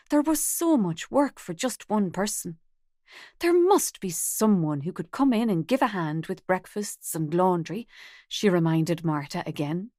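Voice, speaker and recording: A woman narrating a novel at a measured, even pace. Her pitch sits in an ordinary middle range, and the close studio mic gives a dry, close sound with no room around it. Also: no room sound. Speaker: audiobook narrator. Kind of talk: scripted audiobook narration.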